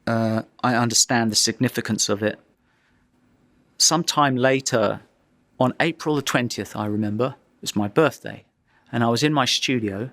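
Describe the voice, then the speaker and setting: A man's voice: mid-range voice, fairly bright tone. Man, photographer, interview storytelling, vivid and dramatic, mid-range voice, frequent restarts.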